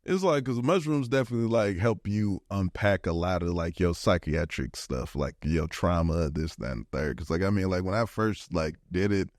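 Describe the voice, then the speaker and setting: A man's voice: low-pitched, animated, moderate pace, hardly any pauses, no echo, clean studio sound. A young man co-hosting a casual podcast, rambling in slangy talk with lots of "like" fillers. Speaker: podcast co-host. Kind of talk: casual chat.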